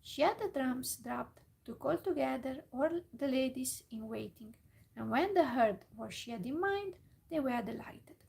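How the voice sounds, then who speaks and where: A woman reading a fairytale aloud in a whispered role-play, soft and slow with small slips. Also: sits high, lively intonation, creaky, poor audio. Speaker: storyteller.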